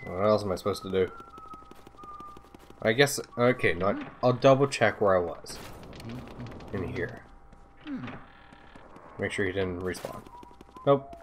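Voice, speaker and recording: A man playing a video game and talking to himself, with excited outbursts and swearing. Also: fairly low pitch, unhurried, pauses often, a little hiss or hum. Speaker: let's play host. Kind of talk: gameplay commentary. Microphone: desktop USB mic.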